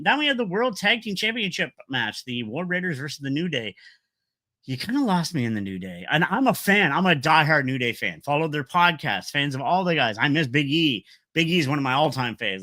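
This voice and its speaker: Animated, opinionated man recapping wrestling. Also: mid-range voice, no room sound. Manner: animated, opinionated, rambling with fillers. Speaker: wrestling vlogger.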